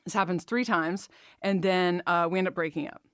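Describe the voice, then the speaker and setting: A woman's voice: fairly low pitch, steady tone, moderate pace, smooth, no room sound, studio quality. A woman hosting a podcast, telling a candid, emotional personal story, swearing freely and talking openly about her feelings. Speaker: podcast host.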